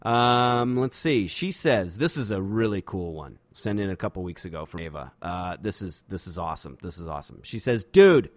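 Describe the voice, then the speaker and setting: A man's voice: sits low, moderate pace, few pauses, no room sound. Laid-back male podcast host, dry sound. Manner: relaxed, filler-heavy, says "man" a lot. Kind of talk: casual podcast chat reading listener emails. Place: home studio in a backyard.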